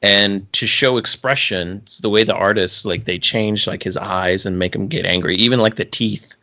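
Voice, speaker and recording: A man's voice: on the low side, moderate pace, pushed and bright. A man co-hosting a podcast, chatting casually and rambling with frequent restarts and filler words. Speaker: podcast co-host. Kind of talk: casual chat.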